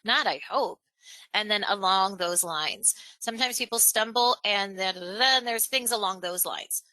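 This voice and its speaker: A woman presenting a live webinar on speaking skills, animated and chatty, acting out examples. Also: unhurried, no room sound, low-quality recording. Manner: animated, acts out examples in a higher voice, laughs between points. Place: online webinar, home or office.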